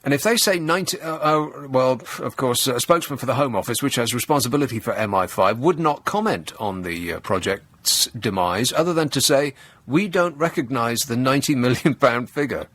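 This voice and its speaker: A middle-aged man, hosting a radio talk show and delivering a sarcastic, deadpan satirical monologue. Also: mid-range voice, fairly quick, hardly any pauses. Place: radio studio. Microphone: close studio microphone.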